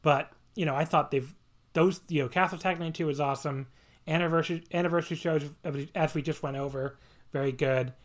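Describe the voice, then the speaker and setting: A man co-hosting a casual wrestling podcast, rambling and animated, laughing often and swearing casually. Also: fairly high pitch, brisk. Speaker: podcast co-host. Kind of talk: casual wrestling review chat.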